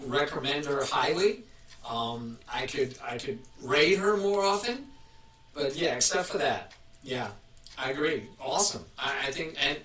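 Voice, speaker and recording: A man's voice: a little high, sharp tone, a little hiss or hum. A man hosting a casual live stream, chatting in a rambling way and restarting his sentences often. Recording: roomy, mic at a distance.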